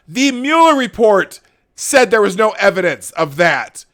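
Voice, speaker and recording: Heated, lively male political ranter. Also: sits high, measured pace. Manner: heated, swearing, sarcastic. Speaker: host. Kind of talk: ranting political commentary.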